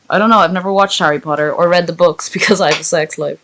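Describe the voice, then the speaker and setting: A woman's voice: lowish voice, steady tone, fast talker, few pauses, fairly bright tone, soft background music, poor audio. A young woman streaming, reading a story aloud and breaking off into sarcastic, swearing asides to her chat. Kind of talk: live-stream reading and commentary.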